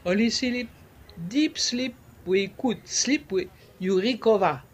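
A man, explaining things in an interview in a halting way, repeating words and slipping into French. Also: sits high, expressive, a little hiss or hum. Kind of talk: conversational explaining.

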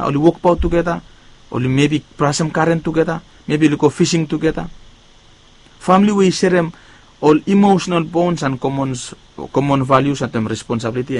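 Man preaching a sermon. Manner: emphatic rises on key words, phrase endings fading low and quiet.

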